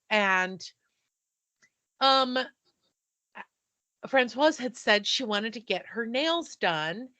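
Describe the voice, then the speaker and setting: Female podcast co-host, bright and high-ish, an animated storyteller who acts out the quotes, dry close sound. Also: no echo. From not from the South. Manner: animated, breathless retelling with quoted dialogue. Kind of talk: casual storytelling chat.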